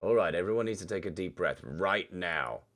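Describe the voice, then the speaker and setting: A man doing a deep-voiced calm game dad. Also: normal speed. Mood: stern.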